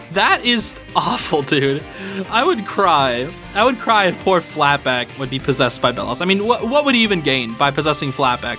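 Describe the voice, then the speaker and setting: An excitable young man reacts to fan art in casual, chatty commentary. His bright, slightly high voice swings up and down a lot. Quiet music plays behind him. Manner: excitable, says "dude" a lot, laughs often. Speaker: host reviewing fan art. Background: soft background music.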